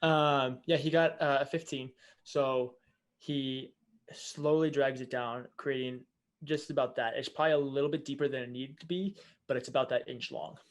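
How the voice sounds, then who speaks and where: A man with a mid-range, fairly even voice speaks at a normal pace as game master for a tabletop game. He describes scenes casually, using many fillers.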